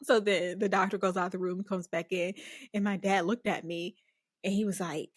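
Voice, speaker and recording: A woman hosting a podcast, telling a personal story in a casual, unhurried way and chuckling often between phrases. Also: mid-range voice, steady tone, no room sound, studio quality. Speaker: podcast host.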